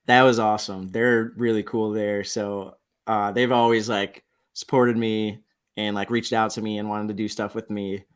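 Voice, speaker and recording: A man's voice: on the low side, flat delivery, moderate pace, clean tone. A man in his twenties, a podcast guest, chatting casually with lots of "like" fillers. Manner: laid-back, peppered with "like". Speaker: podcast guest, sports superfan. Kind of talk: casual interview chat.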